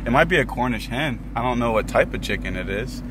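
A man's voice: mid-range voice, fast. Guy vlogging outside by the road, jokey and teasing, voice jumps all over, faint traffic behind. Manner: teasing, animated, laughs often. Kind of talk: casual vlog banter. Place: outdoors by a road and in a truck.

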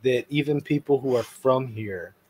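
A man's voice: medium pitch, moderate pace, background noise. A man from Israel, hosting a casual chat and prompting with short questions. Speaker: host. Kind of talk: casual conversation.

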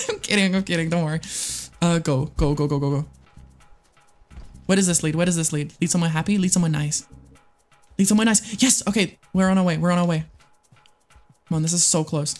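A livestreamer in casual gameplay commentary, excitable and swearing often while talking to the game and chat. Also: medium pitch, fairly quick, pauses often, faint music behind. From United States.

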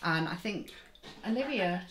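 A woman chats easily on a family vlog, her voice sitting on the lower side. She keeps turning to her partner with tag questions. The room around her is noticeably echoey. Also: lively intonation, unhurried, a bit bright, a little hiss or hum. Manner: chatty, seeks agreement with tag questions. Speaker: vlogger parent. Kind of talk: casual chat.

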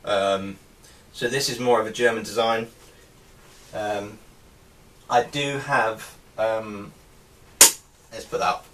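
A man's voice: on the low side, steady tone, slow pace, fairly bright tone. A man giving a casual show-and-tell of his helmet collection, talking hesitantly with many ums and restarts. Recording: distant mic with faint background noise.

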